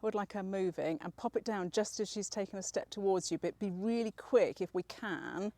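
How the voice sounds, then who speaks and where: A woman's voice: medium pitch, fairly quick, mellow, no echo. Patient woman dog trainer. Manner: patient, encouraging, explaining step by step. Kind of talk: hands-on dog training instruction.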